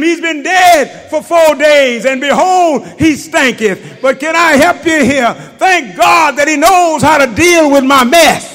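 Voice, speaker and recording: A man's voice: very high voice, vocal fry, a bit bright. A man preaching an impassioned sermon, calling out and half-singing his lines. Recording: long hall reverb.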